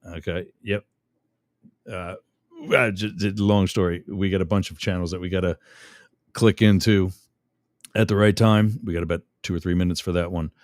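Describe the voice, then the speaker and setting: A man's voice: low voice, steady tone, moderate pace, long pauses, darkish tone, no room sound. A middle-aged man hosting a radio talk show, rambling and chatty, often interrupting himself with fillers.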